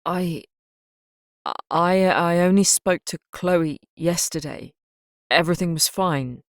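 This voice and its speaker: A woman reading a grief-stricken father's lines, halting and stammering through broken sentences. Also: on the low side, no room sound, clean studio sound. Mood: dazed, halting. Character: grief-stricken father in his forties, dazed and shaken.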